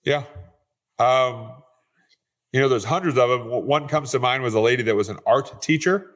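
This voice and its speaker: A man talking in an earnest, easygoing way as a guest on an interview podcast. His voice sits at an ordinary middle pitch, and he often stumbles and restarts at the beginning of a sentence. He tells his real estate stories in a conversational way. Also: moderate pace, fairly bright tone. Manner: earnest, repeats words when starting sentences. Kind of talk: conversational storytelling.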